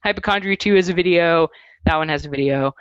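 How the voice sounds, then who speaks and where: A woman in her thirties chats casually as a musician guest on an interview show. She tells animated stories and slips into acted-out quotes. Her voice sits slightly low and comes across dull and lo-fi in a dry recording. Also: fast, smooth, dry recording.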